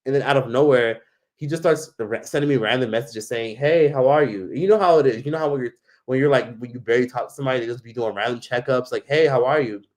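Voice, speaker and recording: A man tells a story in a loose, rambling style, filling his talk with fillers and swearing. His voice sits at a medium pitch. He speaks casually, as a travel vlogger. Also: quick pace. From United States. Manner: rambling, heavy on fillers and profanity.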